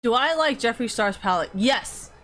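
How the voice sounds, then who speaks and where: A woman's voice: a little high, animated, moderate pace, fairly bright tone. Rambling, swearing woman streamer. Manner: rambling, profane, frequent fillers. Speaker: streamer chatting with viewers. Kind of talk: casual chat.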